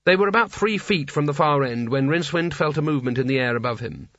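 A man giving measured, wry scripted narration of an audiobook. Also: a little high, animated, a bit bright, no room sound. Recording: dull dry audiobook recording.

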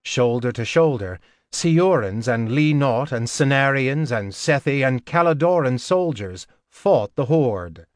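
Slow, measured male audiobook narrator. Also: medium pitch, dry recording, clean studio sound. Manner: measured, steady reading. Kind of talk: scripted narration.

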